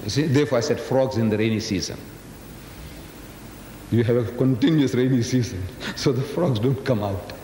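A man's voice: medium pitch, moderate pace, mellow, slight background noise. An older man from South Africa giving a public lecture to a live audience, folksy and teasing, often questioning his listeners directly. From South Africa, of Indian descent. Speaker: Islamic lecturer. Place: large lecture hall with audience. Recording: echoey hall, 1980s live recording.

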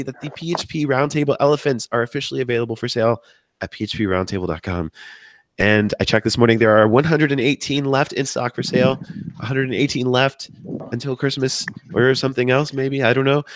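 Podcast host, male, hoarse from a cold, chatty and upbeat, dry close-up sound. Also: no room sound. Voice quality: deep from sickness. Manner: chatty, upbeat, wanders off topic. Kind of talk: live podcast hosting.

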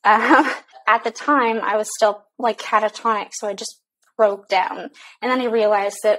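A woman's voice: fairly high pitch, moderate pace, a bit bright, rough recording. A young adult woman and mother telling a candid, emotional story-time vlog, swearing now and then, with plenty of fillers. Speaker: vlogger mom.

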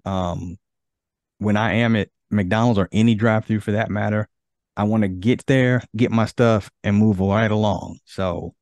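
A man's voice: lowish voice, a little mellow, dry recording. A man hosting a podcast in casual chat, easygoing and reading from an article. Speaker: podcast host.

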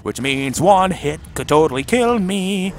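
Goofy young man yelling through a game. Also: sits high, expressive, measured pace, slight background noise. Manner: goofy, loud outbursts and shrieks, jokey. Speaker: gameplay commentator. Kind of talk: comedic let's play commentary.

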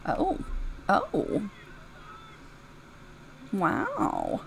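A woman talks through her gameplay in an easygoing, unhurried way, her voice rising and falling a lot as she chats and giggles at the game. Her tone is mellow with a gravelly edge. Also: mid-range voice, wildly swooping pitch, a little hiss or hum, poor audio. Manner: chatty and giggly, reacting out loud to the game. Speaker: YouTuber reviewing game mods. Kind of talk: casual gameplay commentary.

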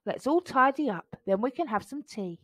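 Storybook mouse, male, tiny and plucky, bossy but cheerful, high and lively, put on by a woman reader. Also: normal speed, no room sound. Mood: cheerful, firm.

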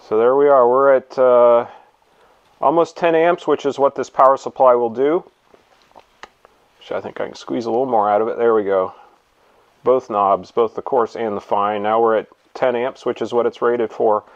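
A man hosting a casual hands-on demonstration in his home garage, relaxed and thinking aloud as he works. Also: mid-range voice, normal speed, highs cut off. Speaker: video host.

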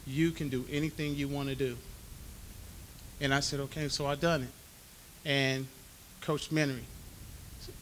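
A man from giving a hall of fame acceptance speech, an animated storyteller who acts out the dialogue. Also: medium pitch, slight background noise. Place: banquet hall.

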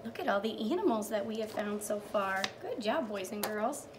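Sing-song teacher woman, lively pitch. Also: noisy background. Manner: sing-song, encouraging, praising each step; drawn-out storytelling with animal sounds. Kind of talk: reading a picture book to young children.

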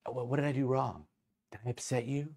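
A man's voice: medium pitch, brisk, gravelly, a little mellow, pitched above the performer's own voice. A man voicing a short, brazen female bartender who stammers while pleading with customers.

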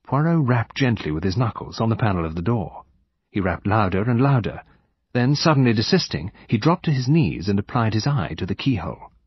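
A man reading a mystery audiobook aloud in an expressive, dramatic way. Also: fairly low pitch, brisk, husky, dry recording, muffled recording. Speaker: narrator. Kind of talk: audiobook narration.

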